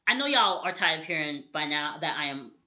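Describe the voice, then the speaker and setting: A woman from the United States with a lively, swooping voice and a bright, forceful tone co-hosts a casual film review podcast. She makes her points emphatically, with sassy asides. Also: sits low, a little fast, muffled recording. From United States, child of Jamaican immigrants. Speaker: podcast co-host. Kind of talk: casual pop-culture review chat.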